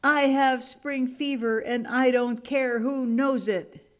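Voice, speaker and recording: A woman voicing an excitable young male monkey in a storybook reading, high and shouting. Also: moderate pace. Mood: excited.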